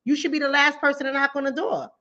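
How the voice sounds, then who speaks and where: A fast, forceful woman with a bright, high-pitched voice delivers flatly while hosting a mental health talk show. Speaking informally, she repeats phrases for emphasis and acts out exchanges between callers and herself. The sound quality is dull and lo-fi.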